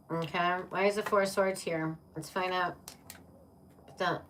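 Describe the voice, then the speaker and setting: Slow, chatty woman reading tarot. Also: lowish voice, fairly even intonation, a bit bright, far from the mic, a little hiss or hum. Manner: chatty and playful, laughs often, talks to viewers as "my love" and "baby". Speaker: tarot reader. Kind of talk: casual live-stream tarot reading.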